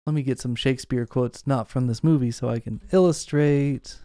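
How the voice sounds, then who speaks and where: A man's voice: medium pitch, fairly even intonation, normal speed, mellow, no room sound, studio quality. A man co-hosting a podcast, casually explaining a film theory at length in a lecturing tone. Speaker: podcast co-host.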